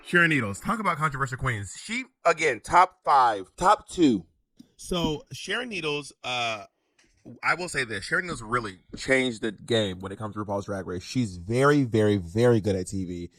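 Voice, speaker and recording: A man's voice: medium pitch, normal speed. A man co-hosts a casual chat, telling gossipy stories in a bouncy voice that climbs and falls a lot. The sound is dry and close, with no room echo. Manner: animated storytelling, gossipy. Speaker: podcast co-host.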